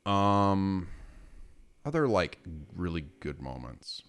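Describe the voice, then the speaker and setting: Male game streamer, casual chat, low voice with lively swings, swears freely. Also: slow, slight background noise. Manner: profane, rambling, animated.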